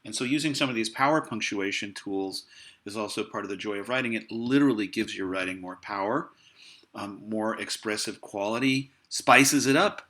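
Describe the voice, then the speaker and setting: A man teaching a college writing lesson in a relaxed, explanatory way, with fillers and small asides. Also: on the low side, moderate pace. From United States. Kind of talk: recorded lecture.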